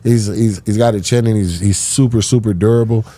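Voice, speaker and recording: A man's voice: lowish voice, fairly even intonation, a little fast, mellow, no echo. A man, a fighter on a podcast panel, breaking down upcoming bouts in a laid-back, slangy way with casual swearing.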